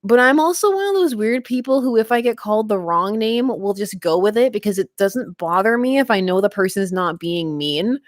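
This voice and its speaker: A woman's voice: mid-range voice, lively intonation, moderate pace, hardly any pauses, dry recording, studio quality. A woman hosting a livestream, chatting casually and giggling often. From Canada. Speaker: livestream host.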